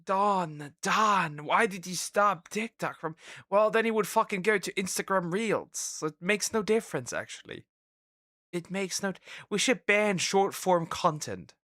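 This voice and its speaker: A man streaming, reacting to clips with exasperated, swearing commentary that bursts into laughs and shouts. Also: sits high, a little slow, no echo, studio quality.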